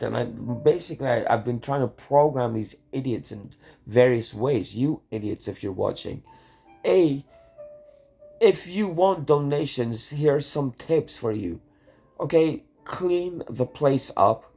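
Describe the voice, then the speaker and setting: An agitated man rants into the camera, swearing freely and doubling back mid-sentence. His voice sits at an ordinary male pitch. Faint music plays underneath. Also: expressive, unhurried, gravelly, mellow, husky. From Canada. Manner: agitated, swearing, rambling with many restarts. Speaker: YouTube channel host. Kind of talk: angry rambling vlog rant.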